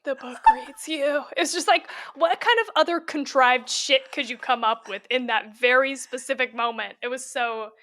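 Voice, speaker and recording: A woman's voice: high-pitched, moderate pace, hardly any pauses, bright, forceful tone. A woman co-hosting a podcast in casual chat, blunt and sarcastic, swearing freely. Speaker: podcast co-host.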